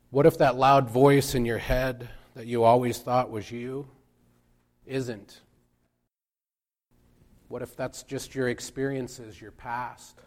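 A man preaching a reflective sermon at an unhurried pace. He speaks in measured phrases and stops often to let a point land. His voice sits at an ordinary middle pitch. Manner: slow, measured, with pauses for emphasis.

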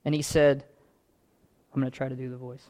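A man's voice: mid-range voice, little pitch movement, a little fast, mellow. A man preaching a sermon as pastor, earnest, stacking repeated phrases that build in intensity.

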